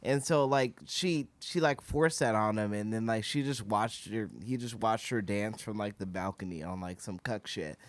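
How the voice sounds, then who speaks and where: A young man chatting casually, telling a story in a halting way and often repeating words. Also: fairly low pitch, no echo. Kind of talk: casual podcast chat.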